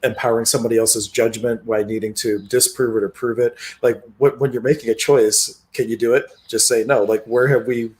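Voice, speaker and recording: A man's voice: mid-range voice, brisk, hardly any pauses. A man hosting a casual livestream chat, easygoing and chuckling as he tells stories. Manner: easygoing, chuckles often, relaxed storytelling. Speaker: host.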